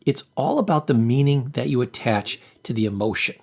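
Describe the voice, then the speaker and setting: A man's voice: mid-range voice, sing-song, brisk, creaky, hardly any pauses, a little mellow. A man giving a motivational self-help lesson, acting out example thoughts in quoted voices. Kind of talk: motivational talk to camera.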